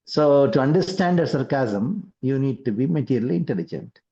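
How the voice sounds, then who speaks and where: A man, a spiritual teacher explaining scripture in a measured way, with frequent pauses. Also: medium pitch, animated, dark tone, slightly rough. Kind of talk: scriptural discourse. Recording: dull lo-fi sound.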